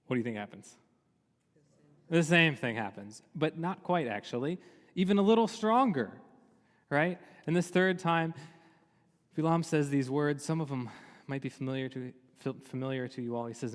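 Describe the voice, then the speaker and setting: A man, a rabbi, giving a sermon on the weekly Torah portion, telling it lively and asking many rhetorical questions. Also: a little high, normal speed, long pauses. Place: synagogue sanctuary. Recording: long reverb of a large hall.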